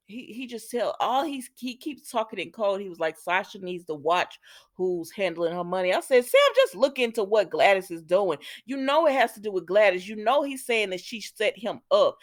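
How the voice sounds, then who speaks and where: A woman's voice: mid-range voice, no echo, studio quality. Chatty sassy woman recapping a soap. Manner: chatty, sassy asides to viewers. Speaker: soap opera recap host. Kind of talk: casual recap chat.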